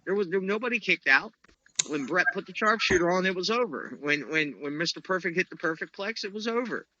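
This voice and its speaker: A man's voice: high-pitched, animated, a little fast, noisy background. A man co-hosting a casual podcast, rambling through opinions with many fillers. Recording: dull, dry lo-fi mic.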